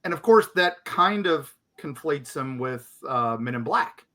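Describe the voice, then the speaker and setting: A man's voice: a little high, lively intonation, a little slow, sharp tone, faint music behind. A man co-hosting a podcast, chatting casually and animatedly, acting out other people's reactions as he tells a story.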